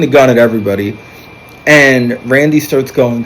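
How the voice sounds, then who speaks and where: A man's voice: mid-range voice, moderate pace, fairly bright tone, slight background noise, poor audio. Rambling man recapping a film plot. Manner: rambling, many fillers and self-corrections. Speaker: film reviewer.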